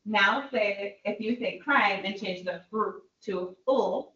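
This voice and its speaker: A woman presenting at a training workshop, leading a quick call-and-response drill with her listeners. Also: medium pitch, a bit bright. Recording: echoey room, distant dull mic.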